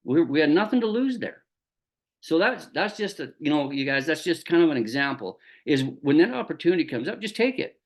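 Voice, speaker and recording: A man from Canada talking through his business in a relaxed, folksy way. His pitch moves a lot, rising and dipping as he acts out back-and-forth conversations. It comes across like a friendly training talk to his team. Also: a little fast. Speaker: network marketing business trainer. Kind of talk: casual motivational talk with storytelling.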